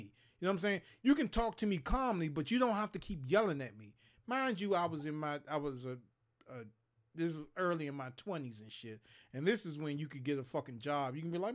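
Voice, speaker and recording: A man from Maryland tells rough, profane stories on a livestream, in a voice that sits a little high for a man and swings widely as he acts out each scene. He is casual and animated, in his thirties. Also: moderate pace. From Maryland, USA. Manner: profane, animated storyteller who acts out other people's lines. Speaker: co-host of a gaming talk show.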